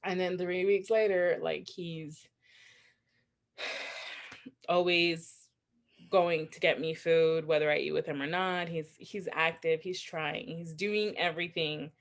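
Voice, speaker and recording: A woman's voice: on the low side, fairly even intonation, slow pace. A woman co-hosting a podcast, telling a story in a chatty, candid way, full of "like" fillers and self-mocking asides. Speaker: podcast co-host. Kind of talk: casual storytelling chat.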